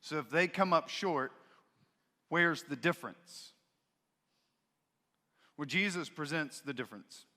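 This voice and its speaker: Taking his time and pausing often, the male pastor delivers his sermon in a bright, forceful voice a touch above the usual male pitch. He's expressive, emphasizing the quoted voices, and the church sanctuary lends a long reverb.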